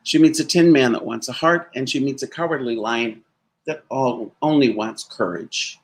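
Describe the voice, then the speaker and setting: A man's voice: medium pitch, moderate pace. A man giving a sermon as a minister, telling a story conversationally and laughing now and then.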